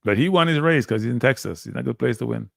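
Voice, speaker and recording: A man talks in loose, animated live commentary. He keeps addressing his viewers as "people" and repeats his points. His medium-pitched voice is recorded close and dry, with no room sound. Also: fast talker, creaky, no room sound. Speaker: livestream host.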